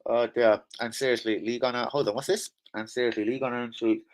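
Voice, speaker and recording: An angry man rants on a live stream as a football fan. He swears constantly and swings between loud outbursts and low, disgusted mutters. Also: fairly even intonation, quick pace.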